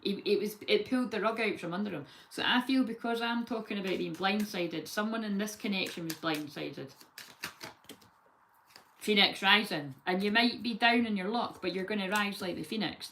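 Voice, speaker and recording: A woman giving a casual, rambling tarot reading full of lively chatty asides. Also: mid-range voice, normal speed, slight background noise. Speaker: tarot reader.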